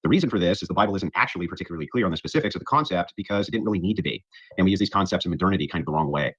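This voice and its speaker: A man fires off a combative debate opening statement at a very rapid clip, his voice low and husky. The sound is dry and lo-fi, muffled like a replayed clip. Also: expressive, no echo. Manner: combative, dismissive of his opponent. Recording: dull lo-fi clip audio.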